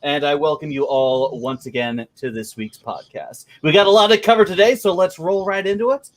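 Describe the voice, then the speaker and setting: A man's voice: on the high side, moderate pace. A man hosting a geek podcast, chatting casually and announcing the show with a theatrical flair. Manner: theatrical, playful announcer delivery. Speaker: podcast host. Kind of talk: casual chat and show intro.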